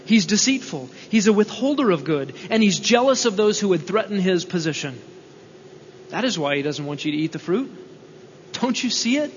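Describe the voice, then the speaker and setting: A man's voice: high-pitched, a little hiss or hum. A male preacher giving a sermon, emphatic, repeating key lines and asking rhetorical questions. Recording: dull sound with long hall reverb.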